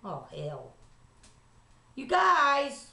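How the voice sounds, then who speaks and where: A middle-aged woman taking on a food challenge in a casual home vlog, loud, excitable, laughing and swearing. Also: sits high, very slow, creaky. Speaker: vlogger doing a food challenge. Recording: echoey room.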